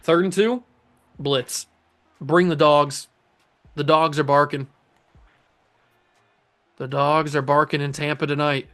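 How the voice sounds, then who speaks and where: Man, young adult, gaming commentary, excitable, jokey, fairly high voice, faint music under. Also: slow, long pauses. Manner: excitable, jokey, talks to players on screen. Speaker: gaming YouTuber host. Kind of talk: casual video game commentary.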